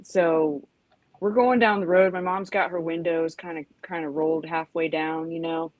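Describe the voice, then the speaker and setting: A woman's voice: low voice, steady tone, normal speed, dry recording, narrow, tinny audio. A woman in her forties telling a rambling story in casual chat, full of "you know" and "like", acting out yelps. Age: 40s. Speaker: podcast host.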